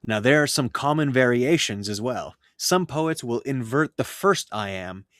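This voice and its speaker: A man gives a scripted poetry lesson in a measured, even delivery. His voice sits at a middling pitch and is recorded dry and close, with no room sound around it. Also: no echo. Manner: measured, reads verse aloud with rhythm. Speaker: writing teacher.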